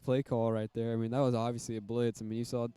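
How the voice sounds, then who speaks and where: A man commentating a school football game with a smooth, warm voice. He keeps his pitch fairly level and talks casually, leaning on fillers as he follows each play. The sound is dry and close. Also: flat delivery, fast talker, no room sound.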